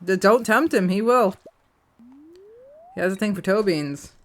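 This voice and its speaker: Slow-talking British woman streamer, swearing. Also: mid-range voice, lively intonation. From Britain. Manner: swears often, laughs between lines. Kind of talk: casual gaming stream banter.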